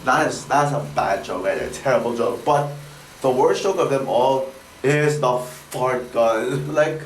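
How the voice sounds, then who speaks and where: A man giving a casual spoken movie review, rambling, with many fillers and stutters. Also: medium pitch. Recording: echoey room with faint noise.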